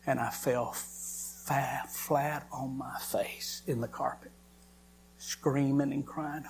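A man, a preacher giving an emotional sermon testimony and swinging from loud lines to hushed whispers. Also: medium pitch, fairly even intonation, takes it slowly, creaky, breathy edge.

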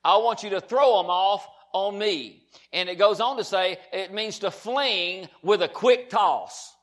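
A man preaching a sermon, repeating his points with emphasis and reading scripture slowly and deliberately. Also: high-pitched, a bit bright. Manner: emphatic, repetitive, reads scripture slowly with stress.

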